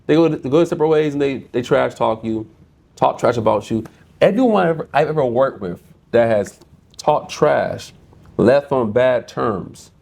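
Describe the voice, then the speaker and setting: Animated storytelling man, repeats himself. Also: mid-range voice, moderate pace, vocal fry. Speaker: guest, insurance business owner. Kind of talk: casual interview talk.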